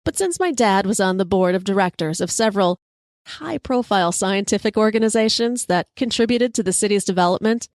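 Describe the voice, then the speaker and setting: A woman's voice: medium pitch, brisk, no echo. Woman telling a story, dry close sound. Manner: lively, conversational storytelling with Southern address. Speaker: podcast host. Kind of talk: storytelling monologue.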